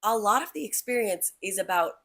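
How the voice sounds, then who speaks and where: A woman's voice: medium pitch, lively intonation, a little fast, a bit bright. A young woman co-hosting a podcast, chatting casually with lots of "like" fillers as she thinks aloud. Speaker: podcast co-host. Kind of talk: casual chat.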